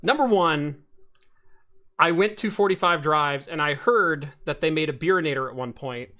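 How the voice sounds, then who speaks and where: Man, podcast host, casual tech chat, bright forceful voice, rambling, lots of fillers. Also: fairly high pitch, normal speed. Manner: rambling, many fillers and restarts, animated storytelling.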